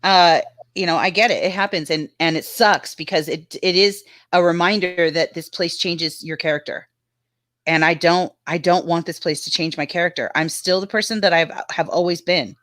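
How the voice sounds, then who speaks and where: Brief: woman, stream co-host, punchy bright tone, laughs through her stories, curses loosely, dry close sound. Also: lowish voice, moderate pace, no room sound. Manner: laughs often while telling stories, swears freely. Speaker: panel co-host. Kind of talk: casual live-stream chat.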